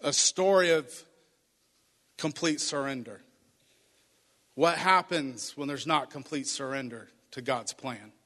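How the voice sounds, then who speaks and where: A man's voice: medium pitch, slow, pauses often, fairly bright tone. A man preaching a sermon, retelling a Bible story and acting out the voices of its figures. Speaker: pastor. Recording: reverberant hall.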